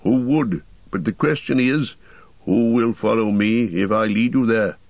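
A man's voice: on the low side, unhurried, vocal fry, dry recording. Gandalf, a man doing a stern old wizard. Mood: grave. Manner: grave, forceful. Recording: dull dry audiobook recording.

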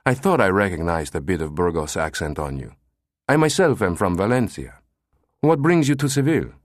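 A man's voice: lowish voice, big pitch swings, unhurried, no room sound, clean studio sound. A man voicing a gushing, pushy Spanish salesman who runs an escort service, in an audiobook. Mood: wheedling.

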